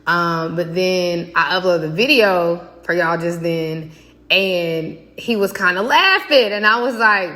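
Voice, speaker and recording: A woman talking casually and excitedly to her viewers in a faith vlog, chatty and direct. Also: fairly low pitch, takes it slowly. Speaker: faith vlogger. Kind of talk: casual devotional vlog talk.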